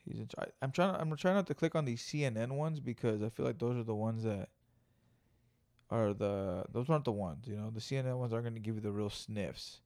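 A young man hosting a podcast in casual, profane, excitable chat, riffing loudly on what he sees. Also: mid-range voice, fairly quick, no echo, clean studio sound. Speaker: podcast host.

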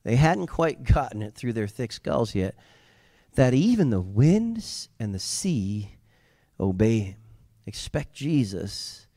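A male pastor preaching an animated sermon, moving between quiet asides and loud, yelling passages. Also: medium pitch, no echo, studio quality.

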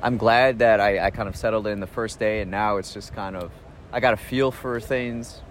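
A man talking in a casual spoken travel diary, relaxed and reflective, rambling with restarts and soft chuckles. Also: lowish voice, normal speed, a little hiss or hum. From United States. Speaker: podcast host.

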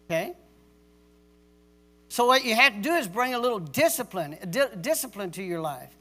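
A man's voice: high-pitched, sing-song, normal speed, bright, forceful tone. A male pastor preaching a sermon in a stern, emphatic way, repeating key words for stress like a drill sergeant. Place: church service.

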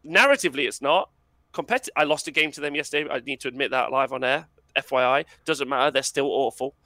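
Bright energetic guy guesting on a podcast, dry close mic, laughs a lot. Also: medium pitch, quick pace, dry recording. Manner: animated and emphatic, laughs often. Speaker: podcast guest, wargaming content creator. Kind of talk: casual podcast conversation.

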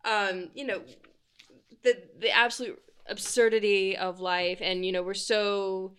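A woman with a bright, forward voice and smooth, clean tone speaks in a relaxed panel discussion. She is enthusiastic and keen, often circling back to restart a thought. Her talk is unscripted and conversational. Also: medium pitch, a little slow. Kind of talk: casual discussion.

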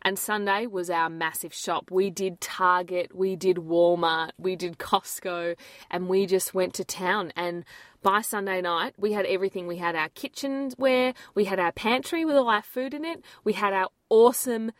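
Woman with a mid pitch, chatty and enthusiastic, recorded dry and close. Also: normal speed, no room sound. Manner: enthusiastic, laughs often, chimes in. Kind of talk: casual chat.

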